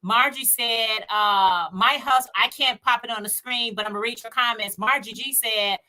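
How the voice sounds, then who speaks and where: Woman, Chicago accent, casual livestream co-host, higher voice, chatty. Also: normal speed, pushed and bright. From United States. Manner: chatty, laughs often, talks to viewers directly. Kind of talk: casual livestream chat, reading viewer comments.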